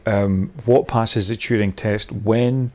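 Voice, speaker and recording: A man's voice: on the low side, steady tone, slow, darkish tone. A man leading a workshop, thinking aloud in a rambling, discursive way, with many restarts, and laughing at his own points. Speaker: workshop leader.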